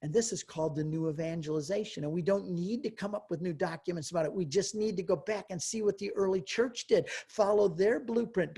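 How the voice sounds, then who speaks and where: A man's voice: sits high, husky. Passionate older man preaching at a retreat. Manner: passionate, exhorting, swings from quiet to fervent. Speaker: Catholic retreat speaker. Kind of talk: storytelling retreat talk.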